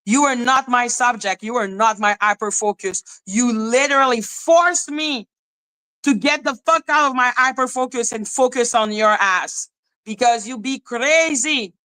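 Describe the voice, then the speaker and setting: A woman hosting a live podcast, ranting in an animated, profane way and laughing often. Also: a little high, a little slow, poor audio. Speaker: podcast host.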